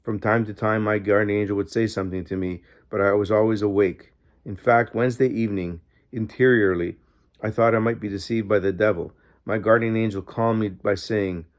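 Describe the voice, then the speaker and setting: A man narrating a diary in the first person, reading steadily and earnestly as an audiobook narrator. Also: on the low side.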